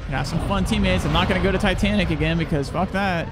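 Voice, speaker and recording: A male game streamer with a fairly high voice talks casually through a match, addressing his chat in a loose, profane way. A faint hiss of noise sits under his voice. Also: quick pace. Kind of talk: casual live gameplay commentary.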